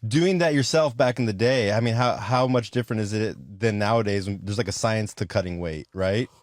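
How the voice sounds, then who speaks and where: A man co-hosting a podcast, asking relaxed, curious questions. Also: fairly low pitch, fairly quick, no echo, clean studio sound. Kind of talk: casual podcast chat.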